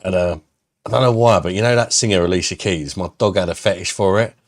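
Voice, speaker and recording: A man's voice: low-pitched, fast, no echo, clean studio sound. A man hosting a casual live stream, bantering and joking crudely with viewers. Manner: banter-heavy, jokey and crude.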